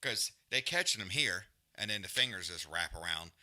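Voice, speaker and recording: Male watch-along host, profane and slangy, very bright tone, lively pitch. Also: normal speed. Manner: loose, profane, animated breakdown with slang. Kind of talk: casual live fight commentary.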